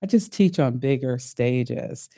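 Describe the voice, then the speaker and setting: A woman in her later years hosting her own podcast, telling her life story in an animated way with frequent laughter. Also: a bass voice, slow pace. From Ohio, United States. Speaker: podcast host. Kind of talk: solo podcast monologue.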